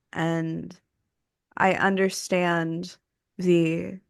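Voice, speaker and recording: A woman in casual podcast chat who talks softly, searching for her words with many fillers. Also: on the low side, vocal fry, no room sound, studio quality.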